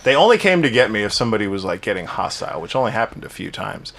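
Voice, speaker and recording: A man's voice: on the low side, big pitch swings, rapid-fire, vocal fry, fairly bright tone. A young man co-hosting a casual podcast, telling a long work story with swearing and many restarts. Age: young adult. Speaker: podcast co-host. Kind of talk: casual chat.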